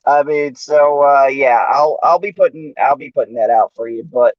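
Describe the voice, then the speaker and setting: A man's voice: medium pitch, normal speed, no room sound, muffled recording. A man talking casually as a guest on a live stream, hesitant and full of fillers. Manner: hesitant, lots of fillers and restarts. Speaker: guest co-host. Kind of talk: casual chat.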